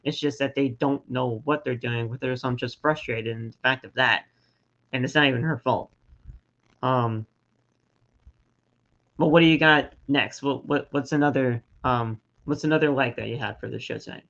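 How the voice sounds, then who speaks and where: A man's voice: medium pitch, creaky. A man co-hosting a casual wrestling podcast, often stumbling and repeating words as he talks. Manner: halting, repeats words, animated. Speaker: podcast co-host. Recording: slightly dull lo-fi audio.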